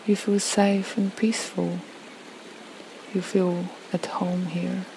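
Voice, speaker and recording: A woman leading a guided relaxation visualization, speaking slowly and soothingly with long pauses. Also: lowish voice, level tone, gravelly, background noise. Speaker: yoga and meditation guide.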